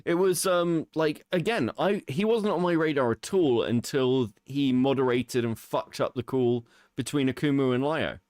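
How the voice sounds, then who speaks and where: A man co-hosting a casual commentary podcast, talking in an animated, mocking way and swearing freely. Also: mid-range voice, moderate pace, hardly any pauses, no room sound, clean studio sound. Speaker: podcast co-host.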